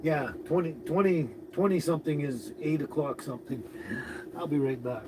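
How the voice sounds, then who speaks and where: A man hosting a casual live stream, greeting viewers and chatting in a relaxed, rambling way with frequent chuckles. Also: on the high side, moderate pace. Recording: noisy recording with birds behind.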